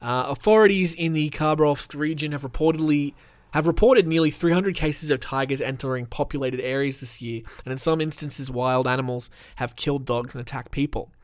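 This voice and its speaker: A man's voice: a little high, fairly quick, no echo, studio quality. A man hosting a podcast, chatting casually and reading news aloud, rambling and swearing with many ums, from a room at home. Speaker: podcast host. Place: room at home with the window open.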